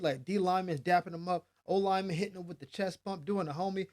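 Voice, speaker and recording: Hosting a daily sports news show, a man talks very fast with few pauses in a high voice, keeping things casual and animated while shouting out quotes hype-style.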